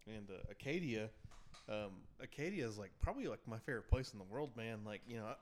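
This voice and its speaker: A man's voice: fairly low pitch, expressive, fast talker, darkish tone. A man co-hosting a podcast, chatting casually and rambling with many fillers and casual swearing. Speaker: podcast co-host. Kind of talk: casual chat.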